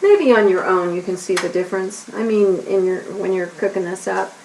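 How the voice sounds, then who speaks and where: A woman's voice: mid-range voice, moderate pace, a little mellow, recorded from a distance, slight background noise. A woman hosting a kids' cooking show, chatting to herself as she cooks in a home kitchen, with onions sizzling behind her. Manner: chatty, talks to herself while stirring. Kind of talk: casual cooking demonstration for kids. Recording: roomy kitchen, mic set back. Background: onions sizzling in a pan.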